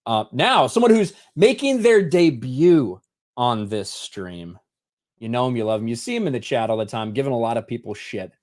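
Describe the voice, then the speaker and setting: A man's voice: mid-range voice, very animated, moderate pace, a little mellow. A man hosting a casual live stream. He swears freely and jokes around as he introduces each guest. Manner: loose, profane, joking introductions. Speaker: host. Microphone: headset.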